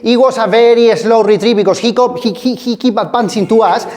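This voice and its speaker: Brief: co-host man, notably high voice, animated anecdote teller. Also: fairly quick, long reverb tail. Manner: animated anecdote-telling, loose grammar. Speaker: self-defence co-host. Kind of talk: storytelling in conversation.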